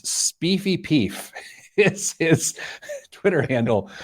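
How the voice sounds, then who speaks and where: Man, middle-aged, radio host, chatty, joking, mid-pitched voice. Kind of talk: casual banter, then show intro.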